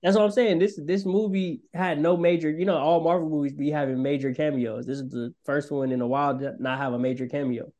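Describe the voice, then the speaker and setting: Man, podcast co-host, casual film chat, joking, slightly high voice. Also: brisk, few pauses. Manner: joking, animated, laughs often.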